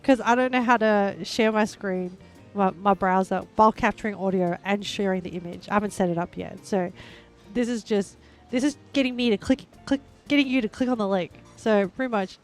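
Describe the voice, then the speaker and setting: A woman's voice: medium pitch, fairly even intonation, a little fast, soft background music. A woman chatting casually and giggling often while she streams a video game and talks to her chat. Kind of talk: casual livestream commentary.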